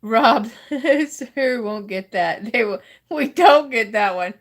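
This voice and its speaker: Woman, Southern US drawl, unhurried delivery, fairly high voice, giggly joke reader, trips over words. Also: expressive. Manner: giggles between jokes, stumbles while reading. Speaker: host reading roast jokes. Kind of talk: casual birthday roast, reading jokes aloud.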